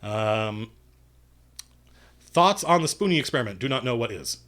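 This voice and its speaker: A man's voice: mid-range voice, expressive, moderate pace, a bit bright. Man, casual stream Q&A, rambling, self-correcting, dry jokes, desk mic. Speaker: game master and writer answering viewer questions. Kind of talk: casual livestream Q&A.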